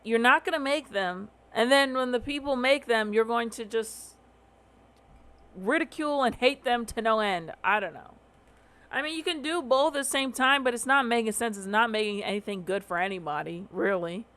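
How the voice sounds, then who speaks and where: A woman's voice: a little high, moderate pace, a bit bright. A tired woman with a Southern US accent hosting opinionated casual commentary, swearing and firing off rhetorical questions. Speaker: host.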